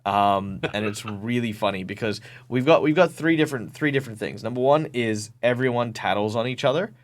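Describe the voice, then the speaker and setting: With a mid-range voice and a fairly quick pace, an Australian-accented game master from Perth, Western Australia, talks casually as a video-call interview guest. He tells stories with animation, stumbling through many ums and restarts.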